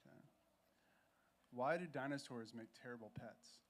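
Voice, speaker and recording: Male church guest, relaxed storyteller, mid-pitched, self-correcting, happy to banter. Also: normal speed. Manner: easygoing, self-correcting, joking along. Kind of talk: conversational storytelling. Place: church stage.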